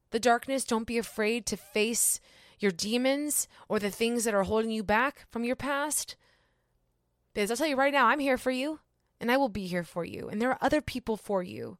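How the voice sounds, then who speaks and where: A woman's voice: mid-range voice, no echo. A woman in her thirties talks straight to her podcast listeners in a casual, heartfelt way, full of encouragement. Her voice sits in a middle range. The recording is dry and close, with no room sound. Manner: earnest, encouraging, casual filler words. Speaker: podcast host. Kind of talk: heartfelt solo podcast pep talk.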